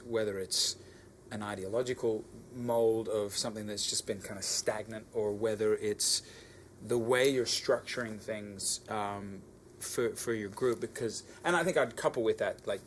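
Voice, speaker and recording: A young Australian man, a band member, giving reflective, halting answers in an interview. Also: fairly low pitch, slight background noise. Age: young adult. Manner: thoughtful, halting, with pauses.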